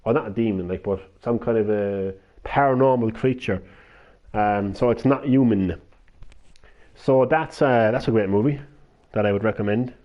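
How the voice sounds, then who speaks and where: A man's voice: lowish voice, normal speed, highs cut off. A young Irish man streaming games, rambling and ranting casually with lots of swearing. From Ireland. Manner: swears freely, rants, laughs. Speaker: gaming live streamer.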